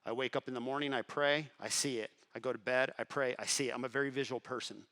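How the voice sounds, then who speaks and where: A middle-aged man speaking to a crowd at a networking event, telling his story with energy. He acts out the other voices in his story, drops to a hush and then climbs back up. His pitch sits in an ordinary middle range. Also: quick pace. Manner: animated storyteller acting out dialogue, swings between hushed and loud. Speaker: entrepreneur giving a motivational talk. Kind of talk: motivational storytelling speech. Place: event hall before an audience.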